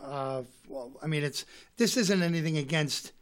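A man with a slightly high voice tells stories in a loose, conversational way. He restarts his sentences often and repeats words as he goes. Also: moderate pace. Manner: rambling storyteller with frequent restarts, imitates others' voices. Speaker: guest singer and author. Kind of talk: casual interview chat.

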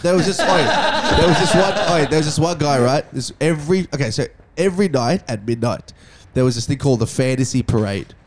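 Young man, crude animated storyteller, podcast chat. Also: on the high side, fairly quick, few pauses, faint music behind. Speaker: podcast co-host.

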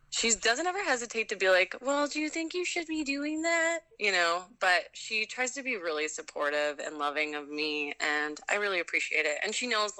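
A woman's voice: fairly low pitch, bright, forceful tone, smooth, poor audio. A woman in her thirties from Minnesota, a guest in a casual interview, talking in a chatty, upbeat way with lots of fillers. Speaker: guest, ultrarunner.

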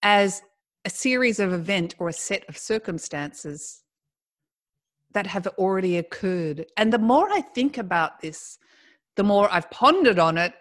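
Middle-aged woman guest, animated storyteller who laughs through her tale. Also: mid-range voice. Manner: animated, laughs while telling. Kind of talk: storytelling in casual conversation.

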